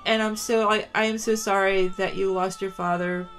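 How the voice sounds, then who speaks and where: Gushing, tearful podcast host. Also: female voice, medium pitch, little pitch movement, moderate pace, a bit bright, faint music behind. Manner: effusive, gushing and emotional. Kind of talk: casual interview chat.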